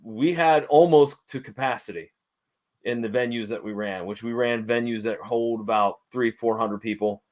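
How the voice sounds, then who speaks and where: A middle-aged man, a guest in an interview, telling a lively story in casual conversation and acting out the people he quotes. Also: medium pitch, normal speed. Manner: animated storyteller, acts out quoted dialogue. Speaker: interview guest, wrestling manager.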